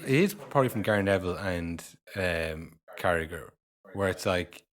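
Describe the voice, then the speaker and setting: A man co-hosting a podcast in casual chat, talking in an animated way and acting out what pundits said. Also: deep voice. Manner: rapid, animated, acts out quotes from pundits. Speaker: podcast co-host.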